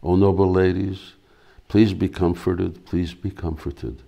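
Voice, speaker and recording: A man's voice: deep voice, flat delivery, slow, vocal fry, mellow, heavily acted. A man reading the lines of a young female attendant in a play, reassuring and announcing good news.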